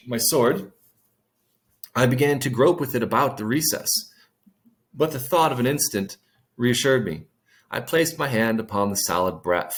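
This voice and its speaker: A man reading a classic short story aloud, stopping to explain old words in plain terms and adding dry asides. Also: mid-range voice. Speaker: reader.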